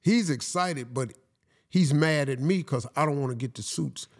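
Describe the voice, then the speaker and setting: A man's voice: fairly high pitch, normal speed. A man speaking as a podcast guest, telling a personal story in an emphatic, casual way and often saying "man.". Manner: emphatic, peppers talk with "man".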